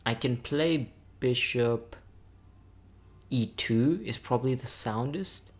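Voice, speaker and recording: A man's voice: medium pitch, takes it slowly. A man, a bit tired, chatting upbeat as a chess content creator and thinking aloud while calling out and muttering his blindfold chess moves.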